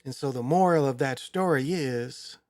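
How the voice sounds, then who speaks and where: A man's voice: medium pitch, normal speed, a little mellow, no echo, studio quality. A man hosting his own show in a rambling, crude, casual monologue full of fillers. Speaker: show host.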